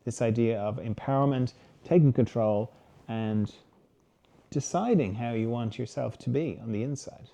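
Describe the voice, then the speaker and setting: A man hosting a reflective solo talk, speaking gently and conversationally and sometimes acting out the inner voices of his listeners. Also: medium pitch, normal speed, creaky. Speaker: host.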